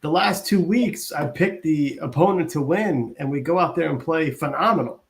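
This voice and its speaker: A man co-hosting a casual football podcast, talking in a measured, somewhat hesitant way. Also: a little high, vocal fry. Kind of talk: casual sports podcast chat.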